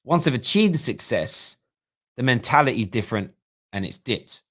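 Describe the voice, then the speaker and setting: A man's voice: mid-range voice, lively intonation, normal speed. A man hosting a live-streamed football fan talk show, giving opinionated analysis and thinking aloud with restarts.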